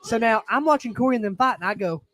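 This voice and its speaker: Young man, casual storyteller, quick and high-pitched, playful and teasing. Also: crowd noise. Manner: animated, acts out quotes, teasing. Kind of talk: casual storytelling at a watch party.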